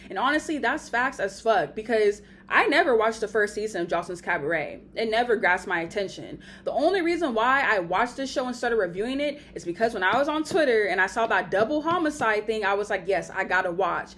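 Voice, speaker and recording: A young woman giving a blunt, profane, animated recap of a reality show reunion. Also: medium pitch, brisk, few pauses, a little hiss or hum. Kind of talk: casual recap commentary.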